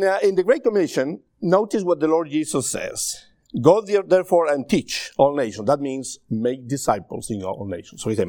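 Spanish-accented preacher, dry close sound. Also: male voice, fairly high pitch, a little mellow, dry recording. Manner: conversational, checks in with the audience. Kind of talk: sermon.

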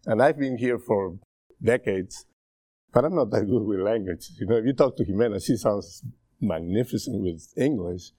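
A middle-aged native Spanish speaker with a Spanish accent preaches a sermon in a conversational style, often checking in with his listeners. His voice is lowish and mellow at a moderate pace, recorded cleanly in a studio with no room sound.

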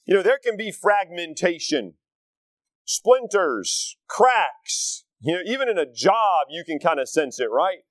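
A middle-aged man delivers a relaxed, conversational sermon. His voice sits a bit higher than most men's, and he keeps turning to the congregation with folksy asides. The sound is dry, with little room echo. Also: unhurried. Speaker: pastor.

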